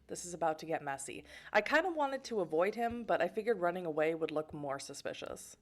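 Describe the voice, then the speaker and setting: A woman from Boston streams a story game, reading its narration aloud and breaking off for chatty, joking asides. Her voice sits slightly low for a woman. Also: sing-song, brisk, few pauses. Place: home in Germany.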